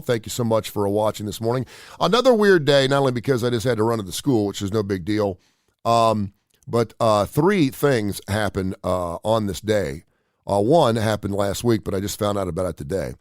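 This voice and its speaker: A man's voice: mid-range voice, no echo. A middle-aged man hosting a morning radio talk show from his home studio, rambling with lots of fillers and restarts.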